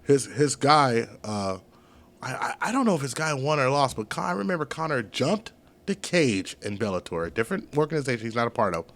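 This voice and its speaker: A man chatting as a podcast guest, telling stories in an animated, profane way. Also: mid-range voice, fairly quick. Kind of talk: casual podcast chat.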